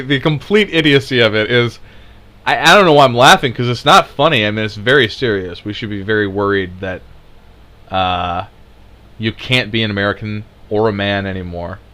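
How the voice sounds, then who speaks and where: A man's voice: on the low side, fairly bright tone. A man delivering an angry political rant, sarcastic and heated, swearing and laughing in scorn. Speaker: commentator.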